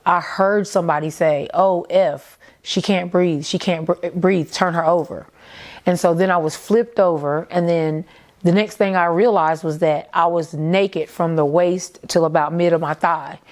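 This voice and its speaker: A woman recounting a traumatic night in halting speech, full of fillers and repeated phrases. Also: lowish voice, darkish tone. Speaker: mother recounting her son's death. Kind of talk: emotional testimony.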